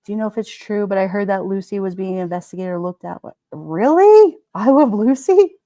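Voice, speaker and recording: A woman's voice: medium pitch, expressive, a little fast, dark tone, no room sound. A woman hosting a live stream, chatting casually and rambling with her viewers, often giggling.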